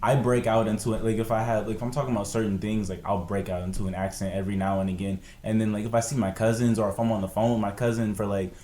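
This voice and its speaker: Animated young man, bro-filled chatter. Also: on the low side, fast, few pauses, a little hiss or hum. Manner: animated, filler-heavy, says "bro" and "like" constantly. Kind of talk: casual chat. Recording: echoey room.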